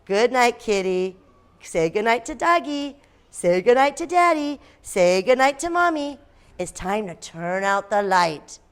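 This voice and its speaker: Expressive woman teacher in a classroom. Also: fairly high pitch, measured pace. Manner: lively, expressive, with playful gasps. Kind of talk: classroom read-aloud and games.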